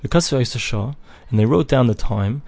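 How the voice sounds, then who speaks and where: Man, Talmud teacher, reads then translates, mid pitch, dry close recording. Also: expressive, slow pace, vocal fry, a little mellow, no room sound. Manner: reads each phrase of the text, then translates and explains it. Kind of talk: daily page Talmud lesson.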